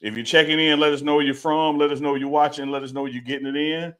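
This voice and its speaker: A man co-hosting a live sports talk stream, animated and exclamatory. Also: fairly high pitch, very fast, smooth. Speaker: co-host of a sports talk show.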